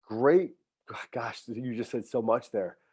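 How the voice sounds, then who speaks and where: A man's voice: medium pitch, unhurried, darkish tone, slightly rough, dry recording. Earnest older man, motivational coach. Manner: earnest, motivational, acts out dialogue with players. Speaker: high school football head coach, podcast guest. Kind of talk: casual podcast conversation.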